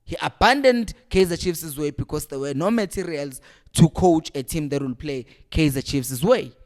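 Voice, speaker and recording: A man's voice: a little high, lively intonation, normal speed. A young man hosting a fan channel, ranting with exasperation and hammering rhetorical questions. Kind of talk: passionate fan rant to camera.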